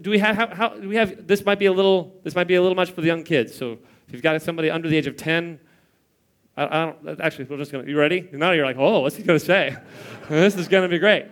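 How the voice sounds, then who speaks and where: A man's voice: on the high side, steady tone, fast, a bit bright. A man in his thirties preaching a sermon in church, telling stories with playful mimicry and chuckles. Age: 30s. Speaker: pastor.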